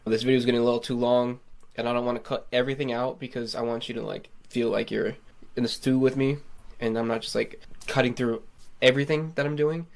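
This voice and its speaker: A man's voice: medium pitch, level tone, fast, creaky, darkish tone. A man vlogging casually from his home recording studio, talking loosely with lots of "like" and free swearing. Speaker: singer-songwriter vlogger.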